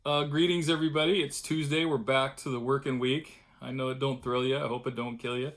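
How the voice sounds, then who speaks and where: A man's voice: medium pitch, fairly even intonation, a little fast, fairly bright tone. A middle-aged man talking casually and at length in a home vlog, chatty and self-deprecating. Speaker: vlogger, cartoonist. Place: home studio room.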